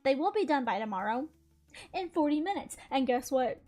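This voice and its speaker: A young woman streamer chatting casually while gaming, telling stories in an animated, giggly way. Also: high-pitched, moderate pace, soft background music.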